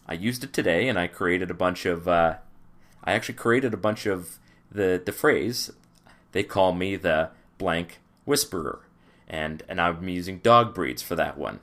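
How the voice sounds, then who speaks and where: A man with a low, deep voice hosts a solo podcast episode. He talks casually and loosely, restarting his sentences and filling pauses with "um" and "uh" as he thinks aloud. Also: fairly bright tone. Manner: loose, rambling delivery with many fillers and restarts. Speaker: podcast host.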